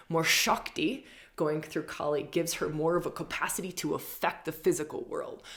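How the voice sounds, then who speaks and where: A woman's voice: low-pitched, gravelly. A woman hosting an astrology forecast, talking emphatically and repeating key phrases. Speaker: astrology show host. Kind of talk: spiritual astrology forecast talk.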